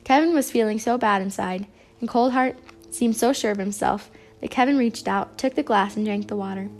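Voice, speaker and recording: A woman's voice: mid-range voice, normal speed. Woman reading a children's storybook. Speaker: storybook reader. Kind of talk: children's read-aloud narration.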